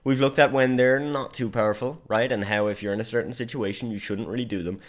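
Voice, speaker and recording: A man's voice: medium pitch, steady tone, fast. Emphatic man coaching on marketing. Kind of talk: online business lesson.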